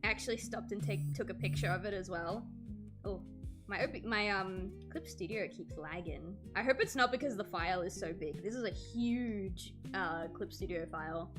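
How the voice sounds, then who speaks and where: A woman's voice: medium pitch, normal speed, over music. A woman in her twenties chatting casually with her stream while drawing, telling stories with many "like" fillers.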